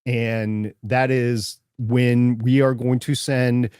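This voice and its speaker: A man's voice: mid-range voice, level tone, slow pace, a little mellow, clean tone, no room sound. Chatty Minnesotan man, dry close sound. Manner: chatty, rambling with repeated starts. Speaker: podcast host. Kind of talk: casual chat.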